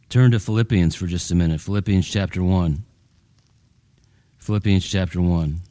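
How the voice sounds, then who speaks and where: A male pastor preaching a conversational sermon in a folksy way, full of "you know" and repeated words, his voice climbing higher when he presses a point. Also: moderate pace, long pauses, mellow, no room sound.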